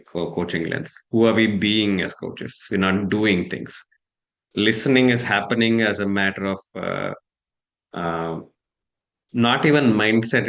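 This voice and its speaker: A man's voice: lowish voice, fairly bright tone. A man leading an online coaching lesson over a video call, reflective and thinking aloud with many rhetorical questions and frequent uh fillers. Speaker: coach and workshop leader.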